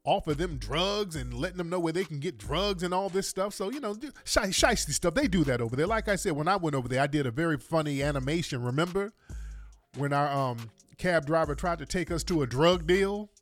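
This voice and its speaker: A man hosts his podcast, reacting to a clip with indignant, mocking rhetorical questions. His pitch swings widely and sits a bit high. The sound is dry and close, with faint music underneath. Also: expressive, brisk, dry recording. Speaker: podcast host. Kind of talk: commentary on a played clip.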